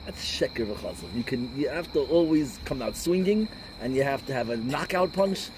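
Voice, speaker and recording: A middle-aged rabbi talks in a combative, animated way, telling stories as he lectures. He drops Yiddish and Hebrew words as he goes. His pitch sits in a middle range, with faint noise in the background. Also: moderate pace, low-quality recording. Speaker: rabbi giving a talk. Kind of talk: informal lecture with storytelling.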